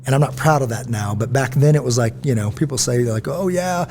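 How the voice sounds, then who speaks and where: A man's voice: medium pitch, fast talker, slight background noise. A middle-aged man hosting a casual podcast conversation, telling stories and acting out quoted voices. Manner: storytelling, animated, acts out quotes. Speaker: podcast host.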